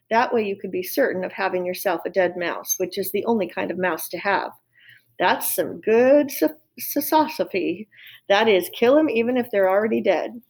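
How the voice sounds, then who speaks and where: A woman's voice: mid-range voice, low-quality recording. A woman voicing a bossy cook who barks orders harshly. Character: bossy shouting female cook.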